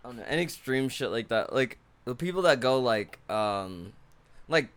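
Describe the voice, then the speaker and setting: A young man with a bright voice and lively pitch who reacts a lot in casual podcast chat. He laughs readily and chimes in often. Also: normal speed, smooth.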